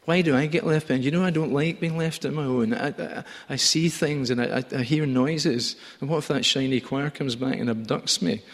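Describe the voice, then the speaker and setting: A man's voice: medium pitch, moderate pace, few pauses, big-room sound, pitched above the performer's own voice, lightly acted. A man putting on a fretful, whining shepherd lad. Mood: whiny, scared. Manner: fretful, stammering complaint. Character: anxious whiny young male shepherd left alone.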